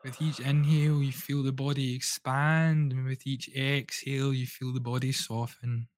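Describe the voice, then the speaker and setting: A man, a breathwork coach, guiding listeners through a breathing exercise with calm, slow, soothing instructions. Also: medium pitch.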